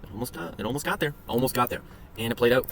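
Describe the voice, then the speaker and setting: Speaking rapid-fire in a creaky, medium-pitched voice, a day trading vlogger reviews his charts over a screen share. The commentary is casual, crude, and joking, with profane tangents, and a little background noise comes through.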